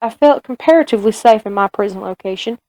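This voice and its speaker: A woman reading aloud as a male frontier soldier telling his own story, in a Southern US accent with steady, measured narration. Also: medium pitch, no room sound, natural voice, poor audio. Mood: grave.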